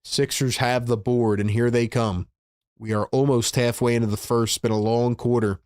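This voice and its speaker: A man streaming live fan play-by-play, calling plays and reacting as a frustrated, excitable fan with casual slang. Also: mid-range voice, normal speed, no room sound, studio quality. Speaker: livestream host doing fan play-by-play.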